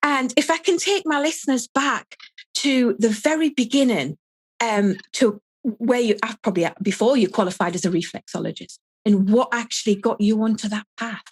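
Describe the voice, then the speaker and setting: A woman's voice: a little high, moderate pace, breathy edge. A woman hosting a podcast, reading out a guest's introduction and asking questions, with a few fillers. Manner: warmly welcoming, reads out guest credits with fillers. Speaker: podcast host. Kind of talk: podcast interview.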